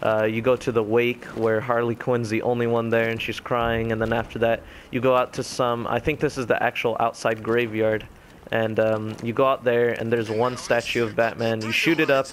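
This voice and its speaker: A man's voice: mid-range voice, level tone, a little hiss or hum. Rambling young man recapping a game. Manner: rambling, filler-heavy retelling with quick quoted voices. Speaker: gaming commentator. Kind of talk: casual spoken game recap.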